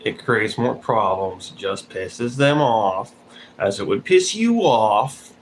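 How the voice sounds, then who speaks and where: A man's voice: lowish voice, big pitch swings, slow, poor audio. A man giving blunt, profane commentary in a casual vlog, calling people out directly. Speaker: vlogger. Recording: noticeable background noise.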